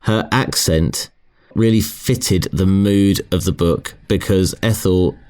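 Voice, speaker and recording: A middle-aged man with a very low voice co-hosts a relaxed book podcast. He talks hesitantly, pausing and restarting as he hunts for the right word. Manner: hesitant, restarts and searches for words. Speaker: podcast co-host. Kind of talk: casual podcast chat.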